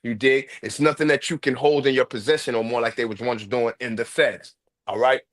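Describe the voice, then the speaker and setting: A man with a harsh New York accent tells his story in a blunt, aggressive street voice. His pitch sits in the middle range. The sound is dry and close, with no room echo. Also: steady tone, fairly quick, fairly bright tone. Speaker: host. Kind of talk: casual storytelling.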